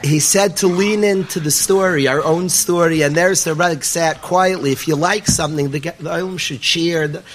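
A man from New York emceeing a gathering, joking and lively, mixing Yiddish and Hebrew words into his English. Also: on the high side, moderate pace, few pauses, slight background noise.

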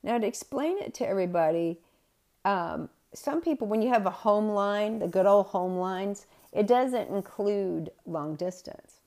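A woman's voice: mid-range voice, lively intonation, measured pace, a little mellow. Middle-aged woman, podcast host, chatty storytelling, self-correcting, from the American South. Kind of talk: personal storytelling.

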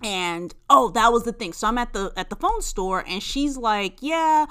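A woman hosting a casual solo podcast, telling stories in a profane, animated way, jumping from loud outbursts to low muttering. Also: moderate pace, clean tone. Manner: profane, animated storytelling with big swings between loud bursts and low mutters. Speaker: podcast host.

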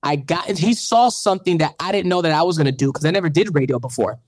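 A fast-talking man with a slightly high voice recounts his story as a radio show host in an interview, recorded dry. The testimony is animated, its preacherly lilt building toward fervent calls.

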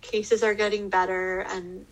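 A woman's voice: mid-range voice, flat delivery, measured pace, low-quality recording. A young woman from Canada co-hosting a casual podcast, upbeat and giggly, with lots of fillers. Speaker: podcast co-host. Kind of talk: casual chat. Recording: faint background noise.

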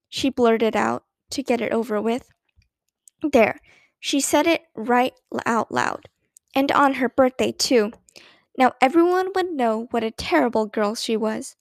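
A woman narrating a children's book aloud in a gentle, expressive way. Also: a little high, a little slow, creaky, dry recording.

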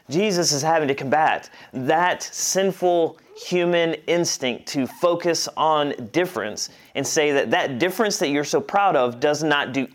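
A man teaching a church class, talking conversationally, restarting phrases and checking that the group follows. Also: a little high.

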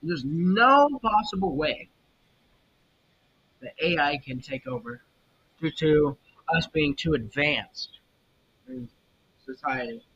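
A man's voice: sing-song, slow pace, vocal fry, long pauses, fairly bright tone. A young man hosting a casual solo podcast, rambling and opinionated, with lots of fillers and restarts. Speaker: podcast host. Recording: muffled lo-fi mic with faint rumble. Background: faint jazz music.

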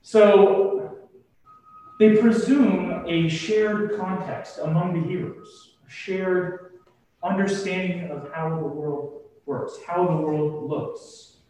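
A man preaching a sermon in a slow, deliberate, emphatic way. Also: high-pitched, fairly even intonation, warm tone. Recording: echoey room from far off.

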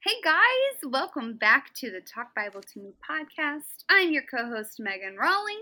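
Giggling and bubbly, this young co-host of a relaxed Bible study podcast talks through the text. Her high-pitched, sharp voice swings widely in pitch at a moderate pace, and the audio quality is poor.

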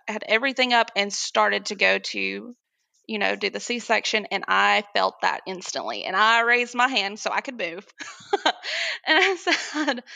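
A young woman candidly telling a personal story as a guest, animated and often laughing as she acts out what others said. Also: medium pitch, creaky, no room sound.

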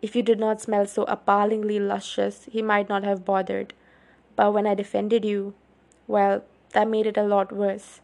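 Reading a story aloud at normal speed, a woman with vocal fry voices a brooding young male vampire who is protective and grim. She keeps his speech low and even, acting it only lightly.

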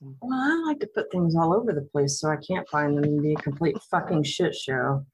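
A woman co-hosting a podcast, excitable and giggly, often tripping over her words. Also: low voice, normal speed, slight background noise. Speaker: podcast co-host. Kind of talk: casual podcast chat.

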